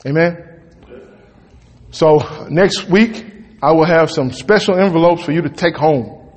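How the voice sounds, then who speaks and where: A man preaching a sermon in a church, folksy and emphatic, with sudden loud peaks. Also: a little high, a little slow. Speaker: pastor. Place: church sanctuary. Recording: long reverb of a church hall.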